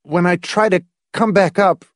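A male narrator voices a desperate, trapped husband who speaks tensely and snaps at his wife. The voice is high, pitched above the performer's own yet close to an everyday voice, delivered at a moderate pace in a clean studio recording with no room sound.

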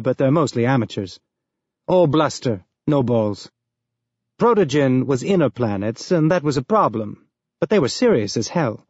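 A man's voice: mid-range voice, darkish tone, dry recording, close to an everyday voice. A man voicing a jovial, tall male police inspector on a space station, speaking in blunt, sardonic cop banter. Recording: dull lo-fi dry recording.

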